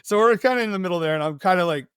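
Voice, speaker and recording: A man guesting on a podcast, telling a story in an animated way and laughing often. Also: high voice, rapid-fire, clean tone, no room sound, studio quality. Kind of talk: casual podcast chat.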